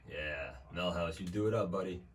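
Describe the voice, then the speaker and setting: Low-voiced man rambling over gameplay, mic far off. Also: moderate pace. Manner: rambling, loose and profane, with dry jokes. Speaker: streamer. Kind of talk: casual gameplay commentary. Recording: distant mic with faint background noise.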